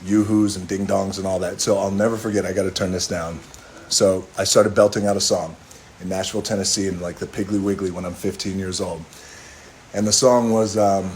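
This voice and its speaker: Male host, deeper register, loose and salty anecdotal storytelling over faint background music. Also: steady tone, a little fast, darkish tone. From Hawaii. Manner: loose, profane, chuckling anecdotal delivery. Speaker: live stream host. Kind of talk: casual storytelling.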